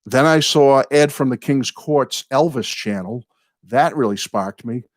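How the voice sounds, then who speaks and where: An older man hosting his own live chat, greeting viewers and rambling excitedly through fan stories and thank-yous. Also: medium pitch, a little slow, no room sound, clean studio sound. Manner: rambling, excitable, apologizes for going off on tangents. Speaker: host of a music fan channel.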